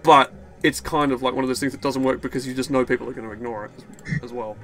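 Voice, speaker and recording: A man's voice: mid-range voice, steady tone, quick pace, fairly bright tone, faint music behind. A man giving rambling, jokey let's play commentary, swearing freely as he plays. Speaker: gaming video host.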